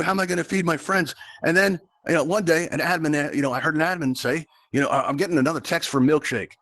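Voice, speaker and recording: Fast-talking, chatty game show host man. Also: on the high side, fairly bright tone. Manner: chatty, rambling showman addressing the audience. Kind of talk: live virtual event hosting.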